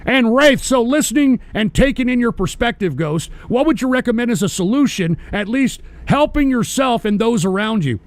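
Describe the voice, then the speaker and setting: High-voiced man on a profane rant. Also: expressive, moderate pace, hardly any pauses, no echo. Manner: profane, ranting, berating listeners. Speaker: host. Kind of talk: live-streamed political rant.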